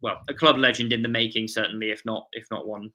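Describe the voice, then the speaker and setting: A man's voice: on the low side, fairly even intonation, fast talker, sharp tone. A man on a fan podcast, giving a thoughtful, rambling football analysis with many fillers and restarts. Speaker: podcast pundit. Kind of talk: casual football discussion.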